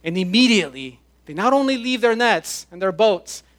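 A man with a notably high voice delivers a sermon. He preaches in an emphatic way and draws out the scripture he quotes, one deliberate phrase at a time. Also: animated, a bit bright. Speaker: pastor.

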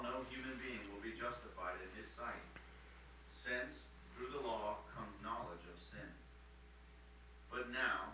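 A man in a study group reading scripture aloud in a steady, measured way. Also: on the low side. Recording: echoey room, far from mic, background noise.

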